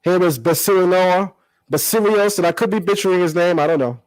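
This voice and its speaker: High-voiced combative man calling someone out. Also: fairly quick, dry recording, low-quality recording. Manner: animated, combative, emphatic repetition. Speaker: channel host. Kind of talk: confrontational commentary vlog.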